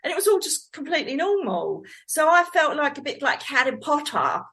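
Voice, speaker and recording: A middle-aged woman from England, a psychic medium guest telling her life story in a rambling, animated way, laughing often. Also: sits high, fairly quick. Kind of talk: conversational storytelling.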